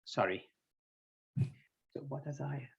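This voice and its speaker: A man's voice: mid-range voice, slow, gravelly, husky, muffled recording. A man teaching an online English class, patiently quizzing students by name and explaining word pairings, heard over a video call.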